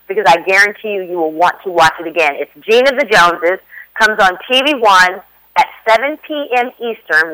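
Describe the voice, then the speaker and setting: A woman actress chatting playfully as a guest in a radio interview, with lively jumps in pitch. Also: no echo, rough recording.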